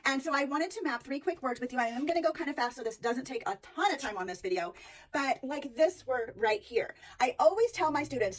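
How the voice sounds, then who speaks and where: A woman teacher walking briskly through a phonics lesson step by step. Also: high voice, expressive, recorded from a distance. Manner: brisk, walks through steps aloud.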